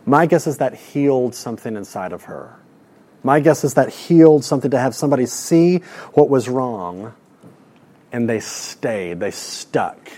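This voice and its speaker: A man preaching a sermon, earnest, repeating words as he builds a point and dropping soft and slow on key lines. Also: medium pitch, animated. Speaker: pastor.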